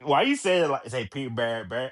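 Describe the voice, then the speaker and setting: A man's voice: medium pitch, lively intonation, fairly quick, a bit bright. A young man co-hosting a casual sports podcast, joking and provocative, with lots of slang. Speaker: podcast co-host.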